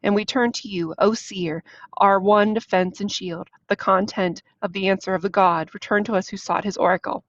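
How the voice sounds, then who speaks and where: Short-tempered proud king, woman just reading him out, slow and careful, dull dry audio. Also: mid-range voice, fairly even intonation, no echo, natural voice. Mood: pleading, angry. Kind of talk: reading a play aloud.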